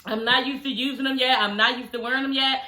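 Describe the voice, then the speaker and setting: A woman's voice: sits high, steady tone, quick pace, sharp tone, reverberant. A woman vlogger recapping a reality show from home in casual, slangy chat, laughing often, her speech slightly slurred by new dental aligners.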